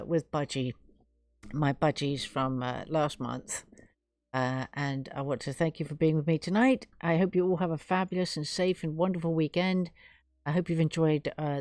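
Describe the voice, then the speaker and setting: A chatty, effusive woman from England hosts her live stream and thanks her viewers warmly. Her voice sits fairly low for a woman. The recording is dry and close. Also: normal speed, no echo. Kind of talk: casual live stream chat.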